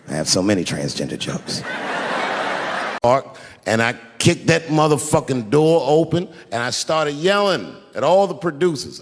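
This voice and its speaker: A man doing stand-up comedy on a theater stage, telling a long profane story in a conversational way that builds to punchlines. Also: mid-range voice. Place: large theater stage with audience. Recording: long hall reverb from a live stage.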